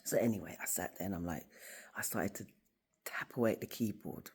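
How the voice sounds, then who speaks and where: A woman's voice: a bass voice, fairly quick, slightly rough. A woman in her office, telling a story in a casual motivational talk to camera and acting out the voices of the people in it. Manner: animated storytelling, acts out quoted voices. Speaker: school staff member and faith vlogger.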